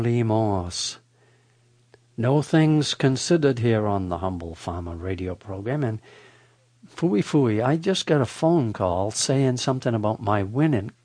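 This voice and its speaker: An older man hosting a radio show, telling a folksy comic story in a wry, deadpan way. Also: mid-range voice, dry recording. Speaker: radio host.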